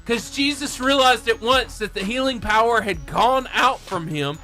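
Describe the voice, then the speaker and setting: A man co-hosting a radio talk show, earnestly explaining and reading a Bible passage in a lively storytelling way. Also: extremely high pitch, normal speed, faint music behind. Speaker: co-host leading a Bible discussion. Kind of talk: casual radio talk, reading scripture aloud. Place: radio studio.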